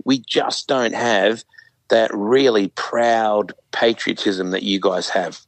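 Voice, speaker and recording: A man's voice: lowish voice, takes it slowly, dry recording, poor audio. An Australian man in his fifties, a guest in a casual interview, telling stories with lots of fillers. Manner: animated storyteller, frequent fillers.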